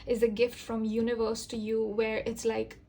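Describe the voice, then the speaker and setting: A woman giving an intuitive tarot reading, speaking gently and earnestly with a reassuring, soft-spoken manner and frequent fillers. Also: a little high, monotone, normal speed. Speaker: tarot reader.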